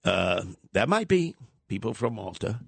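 A man's voice: on the low side, sing-song, unhurried, creaky, a bit bright, husky, no room sound. An older man hosting a radio talk show, rambling and wisecracking as he ribs his younger co-hosts. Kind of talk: casual talk radio banter.

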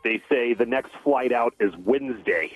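A man calling in to a radio show and telling an easygoing story with lots of pauses. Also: medium pitch, husky, no echo, soft background music. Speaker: caller. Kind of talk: phone-in story. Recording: tinny phone line.

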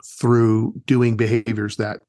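A man who works as a wilderness educator, telling stories in a relaxed, chatty way during an interview and acting out the people he quotes. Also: on the low side, slow pace, no echo, studio quality. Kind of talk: casual interview storytelling.

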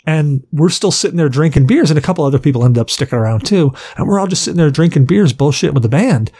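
A man's voice: fairly high pitch, expressive, quick pace, mellow, breathy edge. A man co-hosting a podcast, telling a long, rambling story in casual chat with plenty of swearing. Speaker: podcast co-host.

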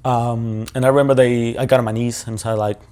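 A man's voice: medium pitch, level tone, fairly quick, warm tone. A male journalist recounting a personal ordeal in an interview, talking casually with lots of fillers and swearing.

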